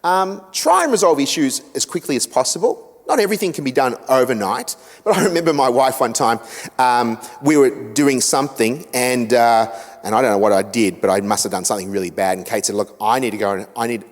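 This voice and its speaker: A middle-aged Australian man giving a seminar talk to a church group, an animated storyteller who acts out quotes with self-mocking humour. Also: mid-range voice, fairly quick. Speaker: guest speaker on family relationships. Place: church hall. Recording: echoey hall with long reverb.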